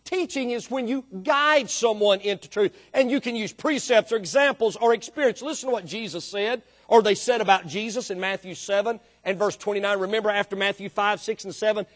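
A man preaching a sermon, emphatic, swinging from quiet explanation to loud drawn-out emphasis. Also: high-pitched. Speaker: pastor.

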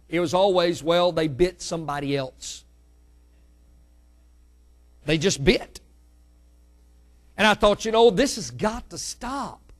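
A middle-aged male pastor preaching a sermon, with sudden loud climbs and hushed drops. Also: a little high, lively intonation, measured pace, long pauses.

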